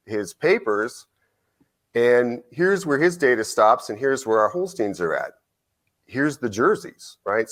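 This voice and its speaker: Man, middle-aged, conference lecturer, animated storyteller, keeps asking "right?", mid-pitched voice. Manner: animated storyteller, acts out both sides of a conversation, often asks "right?". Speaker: nutrition researcher giving a conference talk. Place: lecture hall.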